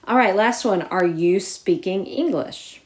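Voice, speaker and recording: A woman teaching a recorded lesson, explaining each step clearly and putting stress on key words. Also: mid-range voice, unhurried. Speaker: Spanish teacher.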